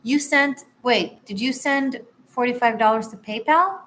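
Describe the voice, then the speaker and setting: A woman's voice: a little high, a little slow, a bit bright. A woman tarot reader on a live stream, chatting with viewers and apologizing as she gives readings.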